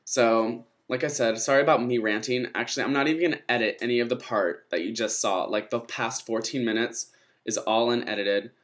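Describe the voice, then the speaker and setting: A young man tells a wild night-out story straight to his vlog viewers, in a voice of middling pitch. He is gossipy and theatrical, and he swears freely as he talks. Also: fairly quick, fairly bright tone. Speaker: vlogger.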